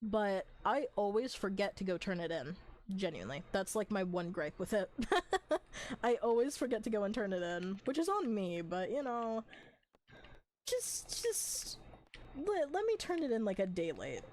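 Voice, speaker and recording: Young woman streamer, casual chatty gamer talk, slightly hoarse, mid pitch, faint noise under the mic. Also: very animated, moderate pace, darkish tone. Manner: chatty, rambling, with frequent likes and small laughs. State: slightly hoarse from long talking. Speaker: game streamer. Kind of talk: casual live-stream chat while playing.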